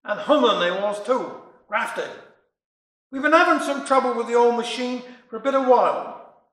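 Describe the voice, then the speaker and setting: Brief: a man as a flustered older Cornish housewife, rambling in broad dialect, high and bright, roomy echo. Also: normal speed, far from the mic. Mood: gossipy.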